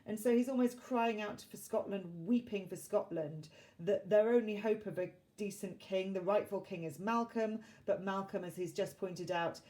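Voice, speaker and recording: A woman teacher explaining a play line by line, in a plain, measured and slightly dry delivery with occasional fillers. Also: medium pitch, dark tone. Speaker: English literature teacher.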